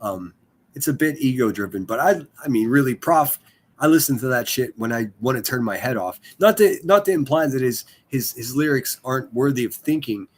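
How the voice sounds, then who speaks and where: A man's voice: medium pitch, animated, brisk. A man chatting casually on a live stream, rambling and swearing, full of fillers and restarts. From Pittsburgh area.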